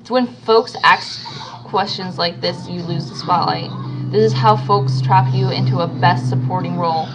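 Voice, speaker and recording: A woman's voice: lowish voice, moderate pace, over music, rough recording. A woman reading a novel aloud as an amateur reader, stumbling over words and restarting now and then.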